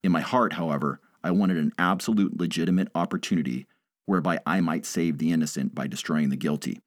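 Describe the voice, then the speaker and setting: A man reading a first-person story aloud in a measured, dramatic way. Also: extremely low pitch, no echo. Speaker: narrator.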